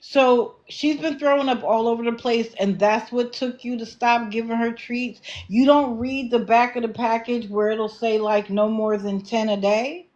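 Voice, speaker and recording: A woman hosting a casual livestream, answering viewer comments with quick apologetic asides and animated reactions. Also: a little high, muffled recording. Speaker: livestream host.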